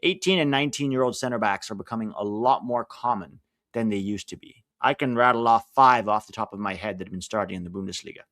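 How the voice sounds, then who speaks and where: A man's voice: lowish voice, fast talker, fairly bright tone, dry recording, clean studio sound. A man with an American accent hosting a casual live watch-along, chatting with viewers and reading out team lineups and chat messages. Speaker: live stream host.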